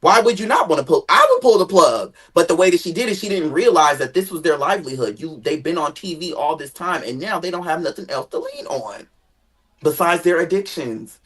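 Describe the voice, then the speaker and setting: A guest chatting casually about family drama, animated, jumping into high dramatic tones and swearing freely. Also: fairly quick, breathy edge. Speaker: guest sharing family stories. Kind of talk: casual gossip chat.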